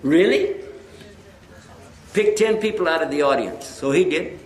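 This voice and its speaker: A man's voice: fairly high pitch, animated, brisk. A man preaching to a live audience, telling a story and acting out both sides of the conversation. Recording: echoey hall with faint noise.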